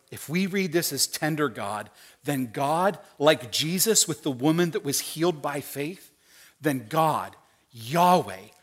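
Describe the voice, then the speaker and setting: Man preaching, swinging from hushed to loud. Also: on the high side. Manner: acts out quoted voices, swings from hushed to loud. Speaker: pastor. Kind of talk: sermon.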